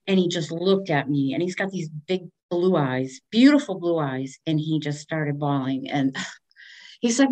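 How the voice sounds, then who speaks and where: A middle-aged woman speaks as a guest, voice a shade low for a woman. She tells a personal story openly and expressively. She acts out the lines of the people in it. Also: unhurried. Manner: candid and expressive, acts out quoted speech.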